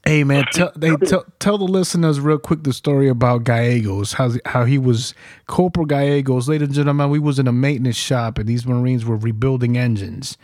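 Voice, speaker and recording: A man's voice: mid-range voice, a little fast, dry recording. A man in his forties from New York, a veteran hosting a podcast, telling stories with lots of laughter and swearing. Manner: animated storyteller, laughs often, swears freely. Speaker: podcast host, Marine veteran. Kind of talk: casual chat.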